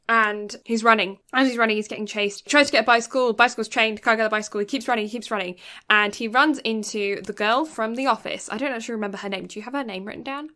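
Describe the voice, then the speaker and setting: Woman, podcast co-host, casual retelling, bright clear voice, lively character voices. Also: fairly high pitch, quick pace. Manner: animated storyteller, acting out characters' lines. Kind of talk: casual chat, retelling a film plot.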